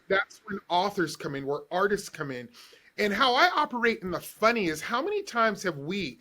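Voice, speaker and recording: Guy guesting on a podcast, high bright voice, animated and playful storyteller. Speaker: podcast guest, author and comedian. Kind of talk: casual podcast conversation.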